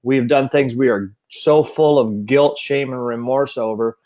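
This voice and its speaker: A man's voice: mid-range voice, a little slow, dark tone, lo-fi sound. A man hosting an interview, earnest and supportive, often repeating words as he speaks. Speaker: host. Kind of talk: earnest interview, recovery talk.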